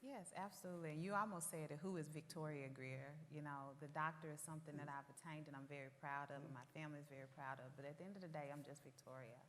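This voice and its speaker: A woman's voice: sits low, steady tone, quick pace, hardly any pauses, fairly bright tone. A woman in her forties with a Southern Tennessee accent, speaking earnestly with frequent fillers as an interviewee in a community conversation. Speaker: school district leader interviewee. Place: public library hall. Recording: reverberant hall sound.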